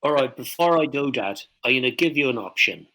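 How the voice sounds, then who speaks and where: A man at a tabletop game, talking in character with a brash, profane, combative edge. His voice is bright and forceful at a middling pitch. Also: expressive, a little fast, poor audio. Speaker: player.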